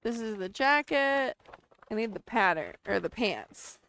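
A woman's voice: on the high side, expressive, a little slow, vocal fry, a bit bright. A woman chatting casually on a sewing livestream, laughing often and reading chat aloud.

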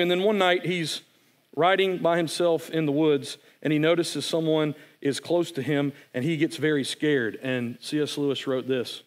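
Earnest preaching man. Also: a little high. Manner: earnest, conversational storytelling. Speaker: pastor. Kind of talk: sermon.

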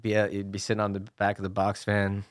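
A man's voice: on the low side, completely flat delivery, fast talker, dry recording, studio quality. A man in his forties, a podcast guest, telling stories in a laid-back casual chat, often trailing off with "you know.". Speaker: podcast guest, former racer.

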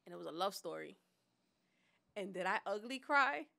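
A woman co-hosting a podcast in casual chat, talking in an animated, expressive way and laughing often as she tells stories. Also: mid-range voice, normal speed, creaky. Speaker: podcast co-host.

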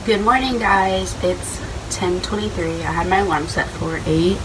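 A woman's voice: fairly low pitch, steady tone, normal speed, very noisy. A young adult woman chatting casually to her vlog camera at home and in her car, rambling with lots of fillers like "um" and "like". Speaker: vlogger. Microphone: handheld phone.

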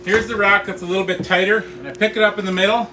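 A man's voice: sits high, fairly even intonation, fast talker, background noise. A middle-aged man hosting a live cooking tutorial, explaining each step in a friendly way and calling his viewers guys. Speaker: barbecue instructor and host.

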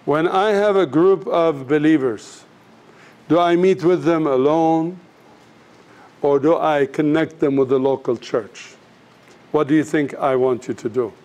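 Teaching a missions class, a man speaks a little slowly in a fairly high, slightly mellow voice. He talks to his students earnestly and directly, storytelling and voicing the characters in his anecdotes.

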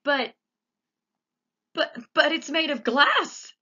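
A woman voicing an excitable old grandfather in a storybook reading, shouting high, loud exclamations. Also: slow pace, highs cut off, exaggerated voice. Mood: alarmed. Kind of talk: storybook character voice.

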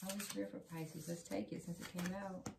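A woman's voice: on the low side, little pitch movement, a little fast, vocal fry, very noisy. A woman giving a casual tarot reading, chatty and repetitive, talking straight to her viewers. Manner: chatty, repeats phrases, addresses the viewer directly. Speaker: tarot card reader.

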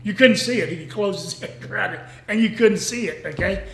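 An older man, a former wrestler telling stories in a rambling, animated way and laughing often. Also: high voice, fairly quick, gravelly, reverberant. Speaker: former pro wrestler, interview guest. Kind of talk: casual storytelling interview.

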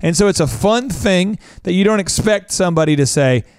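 A man from Oklahoma, hosting a business coaching show, talks fast and animated, joking and mimicking voices. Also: high-pitched, clear, resonant tone, dry recording, clean studio sound. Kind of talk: energetic instructional talk.

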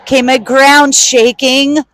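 Slow, playful woman reading a picture book. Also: high-pitched, rough recording. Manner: animated, playful, exaggerated reading. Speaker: children's book reader. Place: outdoors.

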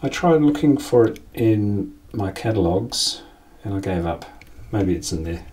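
A man's voice: lowish voice, animated, normal speed, a little mellow. A man, hosting a casual collecting vlog as an enthusiastic, chatty storyteller. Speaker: collector and channel host. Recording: distant from the mic.

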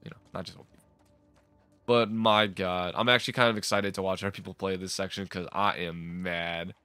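A man commentating his own gameplay, easily startled and loudly frustrated. His voice is bright and forceful, recorded close and dry on a desk microphone. He swears and laughs his way through tense moments. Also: deep voice, little pitch movement, brisk, clean tone, dry recording, soft background music. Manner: jumpy, exasperated, swearing and laughing. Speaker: let's play gamer.

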